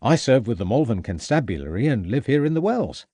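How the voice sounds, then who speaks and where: A man's voice: medium pitch, very animated, brisk, dark tone, dry recording. A man voicing a respectful, eager Victorian police constable. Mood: deferential.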